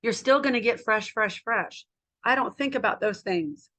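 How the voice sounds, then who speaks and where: An American woman in her fifties, a health coach, vlogs about her own life while chatting with viewers. Her voice runs on the high side and a bit bright at a moderate pace, and she speaks candidly, rambling with plenty of feeling.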